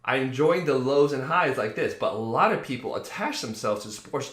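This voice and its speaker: A man's voice: medium pitch, expressive, normal speed, hardly any pauses, fairly bright tone. A man hosting a casual spiritual talk, rambling and acting out the voices he quotes, with many fillers. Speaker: spiritual video host. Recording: roomy echo.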